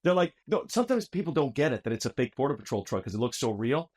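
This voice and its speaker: Energetic man telling studio stories. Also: medium pitch, quick pace. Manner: energetic, says dude and my friend. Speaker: podcast guest, trivia show host. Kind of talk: lively storytelling conversation. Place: home recording studio. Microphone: studio microphones overhead.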